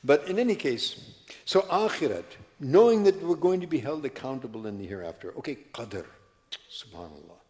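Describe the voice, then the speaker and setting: A man's voice: on the high side, sing-song, normal speed, darkish tone. A man in his seventies from California, telling stories with many tangents and restarts as a workshop speaker in a mosque. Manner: rambling, prone to tangents and restarts. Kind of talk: storytelling talk. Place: mosque hall. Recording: long hall reverb.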